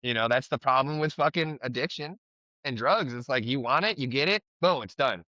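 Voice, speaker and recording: Male podcast co-host, frank and rambling, bright voice, dull close mic. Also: medium pitch, fairly quick, no echo. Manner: rambling, frank, swears, many fillers. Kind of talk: casual recovery podcast chat.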